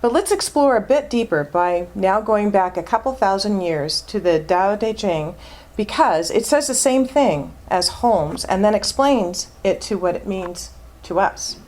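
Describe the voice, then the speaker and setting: A woman's voice: mid-range voice, expressive, unhurried, a little mellow, a little hiss or hum. A woman minister giving a sermon, emphatic and fond of repeating words for stress.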